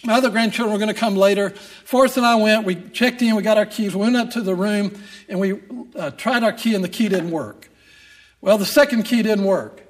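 A man's voice: high voice, fairly quick. An older man, a grandfather, preaching a sermon and telling a humorous family story to make his point. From Texas. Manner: storytelling, humorous asides, rising emphasis. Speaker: pastor.

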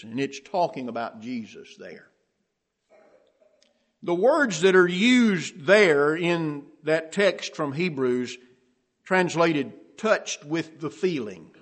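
A man preaching a sermon in a slow, measured way, lifting his voice to stress key phrases. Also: fairly high pitch, very animated, a bit bright.

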